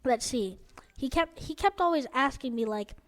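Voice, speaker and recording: A woman's voice: high voice, animated, moderate pace. A teenage girl casually telling a story from school, rambling and exasperated, with lots of filler words.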